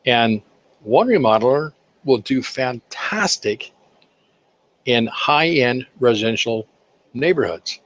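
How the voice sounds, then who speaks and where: An older man tells folksy business anecdotes in a relaxed interview, acting out the voices of the people in his stories. His voice sits at an everyday middle pitch. The recording sounds a little dull and lo-fi. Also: slow, long pauses. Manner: folksy, animated anecdotes with acted-out quotes. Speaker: guest, accounting firm owner for contractors. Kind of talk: casual interview storytelling.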